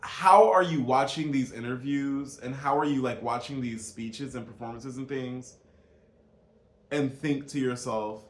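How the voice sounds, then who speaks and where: Speaking straight to his viewers in an echoey room, a man vlogs a casual, incredulous political rant, emphatic and addressing them as y'all. His voice sits mid-range and he takes his time.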